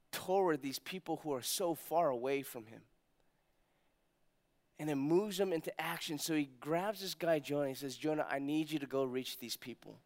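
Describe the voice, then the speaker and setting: A man preaching a sermon as pastor, telling stories with energy and dropping to hushed emphasis on key points. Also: fairly high pitch. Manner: animated storytelling, acts out quotes, drops to hushed emphasis.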